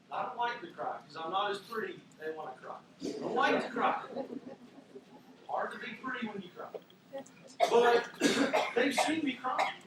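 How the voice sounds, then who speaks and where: A man's voice: high voice, a bit bright. A man preaching a sermon as pastor, conversational with self-deprecating asides. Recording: echoey hall from far off, faint noise.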